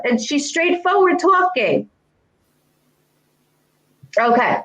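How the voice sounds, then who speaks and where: A woman's voice: fairly high pitch, a little slow, poor audio. A woman clairvoyant giving a psychic reading, talking earnestly and repeating herself as she passes on messages. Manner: earnest, repetitive, relays quotes from the dead.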